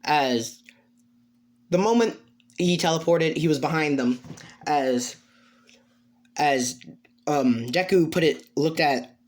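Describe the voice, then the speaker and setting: Halting male storyteller improvising fan fiction, rambles and restarts. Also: on the high side.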